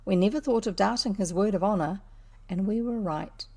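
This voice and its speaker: Gravelly woman reading a children's story. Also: mid-range voice. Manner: lively, unhurried reading with small slips. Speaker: audiobook reader. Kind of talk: storybook narration.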